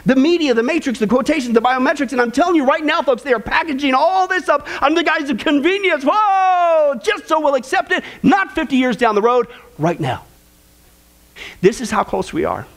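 A man's voice: extremely high pitch, lively intonation, a little fast. A man preaching a sermon with passion, scolding and acting out quoted voices. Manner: impassioned, scolding, acts out quotes.

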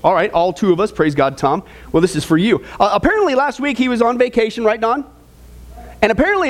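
A man preaching as pastor, telling jokes and bantering with his audience in an animated way. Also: sits high, fast. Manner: animated, jokey, tosses in audience asides. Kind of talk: joking sermon.

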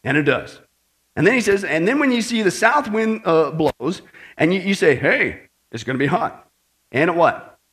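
A man preaching a sermon, animated, acting out the voices he quotes. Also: high-pitched, moderate pace. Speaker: pastor.

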